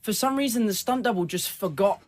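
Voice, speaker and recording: Animated young English man telling stories. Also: high voice, brisk. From England. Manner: animated anecdotes, acts out quoted voices. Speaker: actor guest. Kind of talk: casual interview chat.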